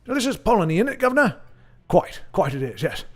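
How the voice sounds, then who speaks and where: A man's voice: high voice, big pitch swings, fast talker, pitched above the performer's own voice. Man hamming a hearty, mock-posh old-timey British gent, jovial. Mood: jolly.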